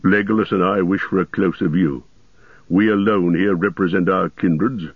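A proud dwarf warrior speaks bluntly and insistently in a low, dry voice, as a male narrator puts him on. The storybook recording is dull and lo-fi. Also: fairly even intonation, moderate pace, breathy edge, dry recording.

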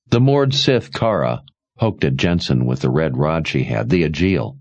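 Deep male audiobook narrator, slow and expressive; dry, slightly dull recording. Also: dry recording. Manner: expressive storytelling. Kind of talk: scripted narration.

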